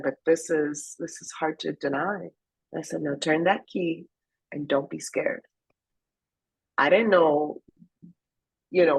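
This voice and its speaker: A woman's voice: low voice, husky, low-quality recording. A young woman from Afghanistan telling her personal testimony as a guest, emotional and slipping into whispers when she quotes herself.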